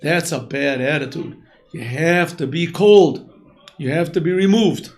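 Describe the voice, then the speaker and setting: Man doing a sneering, coaxing Amalek, pitched high with a gravelly edge. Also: a little slow. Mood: scornful. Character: scornful male Amalek mocking eager Jews.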